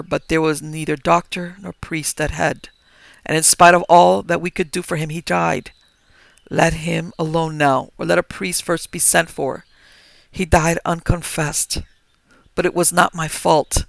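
A man reads a frightened old innkeeper whose trembling voice pleads loudly and emotionally, with a gravelly edge and a bright, forceful tone. He is a storybook figure, and the recording sounds dry and close. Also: a little high, level tone, unhurried, dry recording. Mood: confessing.

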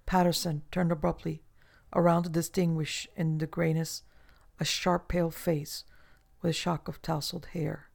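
A man narrating a novel in a measured, literary reading style. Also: on the high side, level tone, gravelly, a little mellow. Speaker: audiobook narrator. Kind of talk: scripted narration.

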